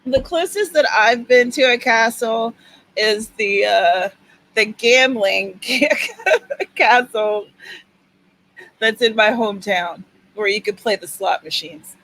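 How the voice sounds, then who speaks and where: A woman's voice: a little high, lively intonation, slow pace, fairly bright tone, low-quality recording. A woman hosting a writing-sprint livestream in casual chat, upbeat and cheering viewers on by name.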